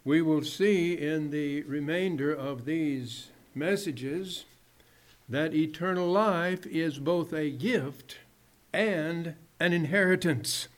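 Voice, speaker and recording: Slow, high-voiced male preacher. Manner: measured preaching, drops low and soft on phrase ends. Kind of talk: sermon.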